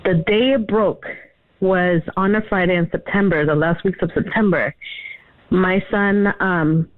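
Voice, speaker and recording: A woman's voice: fairly low pitch, fairly even intonation, no echo. Woman caller on a tinny phone line. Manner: earnest, emotional, halting retelling with many fillers. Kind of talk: telling a personal story on a radio call-in.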